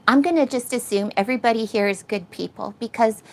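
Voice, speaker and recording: A middle-aged woman talks to her livestream viewers through a cheap phone. She sounds teary from crying and rambles emotionally. Her voice sits a little high and has a gravelly fry. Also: a little fast, slight background noise. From Canada. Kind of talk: casual live-stream chat.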